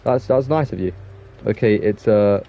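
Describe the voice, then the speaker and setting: A man's voice: fairly low pitch, normal speed, vocal fry, warm tone, highs cut off. A young man with an English accent chatting casually with his viewers while streaming a game, rambling on and restarting his sentences. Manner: rambling, self-admitted waffling with many restarts. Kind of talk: casual gaming stream chat.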